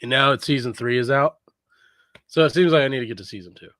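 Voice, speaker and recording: A man's voice: mid-range voice, quick pace, fairly bright tone, no echo. A man co-hosting a podcast in casual chat, wry and laid-back. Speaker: podcast co-host.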